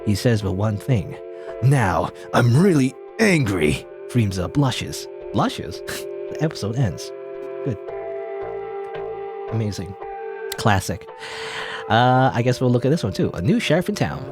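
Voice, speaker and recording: A man's voice: lowish voice, expressive, a little slow, long pauses, over music. Playful man reading a game aloud. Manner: playful, laughing asides. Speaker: let's play host. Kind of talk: reading a game's text aloud with commentary.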